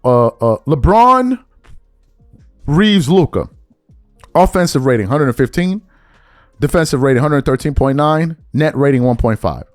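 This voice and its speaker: A man's voice: mid-range voice, expressive, unhurried, pauses often, dry recording, soft background music. A man hosting a sports podcast, ranting heatedly and slangily with mocking impressions of fans. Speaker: podcast host. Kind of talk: heated sports commentary rant.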